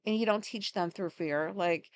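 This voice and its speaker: A woman's voice: on the low side, normal speed, smooth, dry recording. A woman hosting a podcast, talking through her day in a rambling, casual monologue full of fillers and swearing. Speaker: podcast host.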